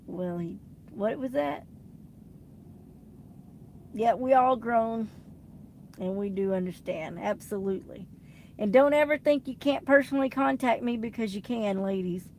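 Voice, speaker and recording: A woman's voice: a little high, measured pace, long pauses, darkish tone, a little hiss or hum. A woman chatting and laughing with viewers on a late-night livestream from inside her truck. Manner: chatty, laughs often, reads and answers viewer comments. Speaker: livestream host.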